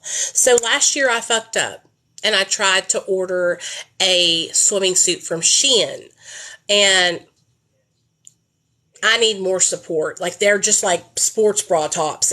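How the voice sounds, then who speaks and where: A woman's voice: on the low side, pushed and bright. A woman live-streaming, chatting casually and bluntly with plenty of swearing while she shops.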